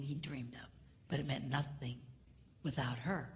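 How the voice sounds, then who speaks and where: A middle-aged man giving a comedic marriage seminar, animated, acting out voices and dropping to a whisper for emphasis. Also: medium pitch, unhurried, pauses often, in a large hall, slight background noise. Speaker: seminar speaker.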